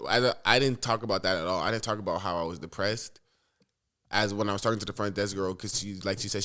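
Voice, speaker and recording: Young guy ranting a storytime vlog, lots of cussing, kinda low voice. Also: fairly bright tone, smooth. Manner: rambling, profane, restless storytelling. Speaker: vlogger.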